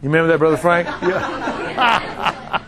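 A man's voice: high-pitched, expressive, measured pace, a crowd in the background. An older man preaching and teaching a congregation, folksy and emphatic, calling out questions to the room. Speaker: pastor and teacher. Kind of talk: sermon teaching.

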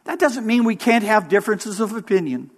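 An interim pastor with a high-pitched, expressive voice delivers a sermon. His preaching is measured and emphatic, and he pauses to give his words weight.

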